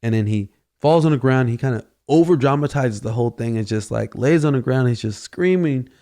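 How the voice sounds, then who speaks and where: A man's voice: mid-range voice, a little fast, warm tone. A man hosting a podcast, telling a casual story and rambling with constant "you know" fillers. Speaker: podcast host.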